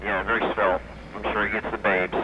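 A man's voice: lowish voice, flat delivery, fairly quick, background noise. A man calling in to a radio show, talking in an offhand, indifferent way over a fuzzy phone line. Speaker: caller. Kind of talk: phone call-in.

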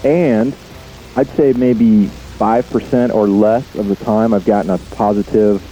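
A man's voice: lowish voice, fairly even intonation, a little slow, mellow, soft background music, poor audio. A man calling into a radio talk show, laid-back and rambling with hesitant fillers. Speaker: caller. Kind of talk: casual radio call-in.

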